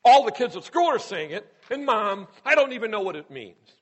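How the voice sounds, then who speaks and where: A man softly voicing an earnest little girl. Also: high-pitched, sing-song, fairly quick. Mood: pleading. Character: young girl, first grader, earnest and innocent.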